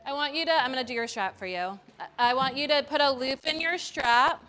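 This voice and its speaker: A woman teaching a live yoga class in a studio, giving calm step-by-step cues with casual asides. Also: high voice, a little fast. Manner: calm cueing with chanted Sanskrit and casual asides.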